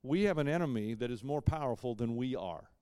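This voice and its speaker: A man preaching a sermon as pastor, emphatic, swinging between loud punches and quiet asides, with dry joking asides. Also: mid-range voice, animated, brisk, clean tone, no room sound.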